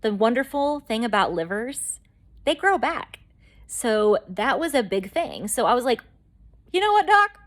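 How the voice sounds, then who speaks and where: A woman's voice: fairly high pitch, lively intonation, measured pace. Chatty woman telling a personal story. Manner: chatty, rambling, lots of fillers. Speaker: vlogger. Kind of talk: casual storytelling to camera.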